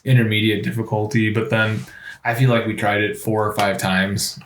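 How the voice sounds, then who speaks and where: Low-voiced man, roomy and slightly noisy. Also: flat delivery, moderate pace, fairly bright tone. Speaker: podcast co-host. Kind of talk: casual chat.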